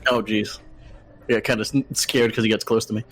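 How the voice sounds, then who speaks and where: A man playing a tabletop game, casual and quick to laugh. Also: on the low side, level tone, a bit bright. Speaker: player.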